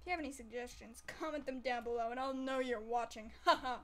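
A woman's voice: a little high, fast talker, a bit bright, a little hiss or hum. A woman giving casual let's-play commentary over a game, giggly, playful and melodramatic. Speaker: gameplay commentator.

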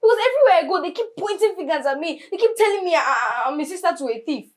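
A high, sharp-tongued teenage girl who heaps curses and scorn on her sister in a Nollywood film. Her comes through, and she stumbles over her words when she is heated. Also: expressive, racing. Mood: bitter ranting. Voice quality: scornful, cursing, stammering when worked up.

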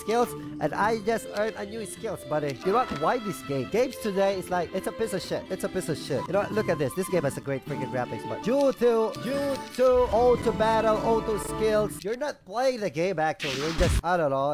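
A young man with a high-pitched voice that sounds stuffy from a cold, grumbling and swearing his way through a sarcastic gameplay commentary. Loud game music plays clearly underneath his voice throughout. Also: animated, moderate pace, few pauses. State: has a cold. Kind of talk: casual let's-play commentary.

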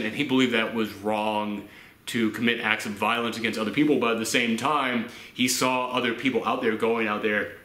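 A man's voice: medium pitch, bright, forceful tone. A man from the Southern United States giving a casual film review, chatty, with laughing asides and acted-out quotes. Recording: roomy echo.

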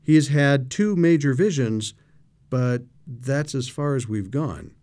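A man's voice: mid-range voice, animated, a little slow, a little mellow. Man reading old church history quotes, really puts feeling into it, mid voice. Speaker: co-host of a scripture study show.

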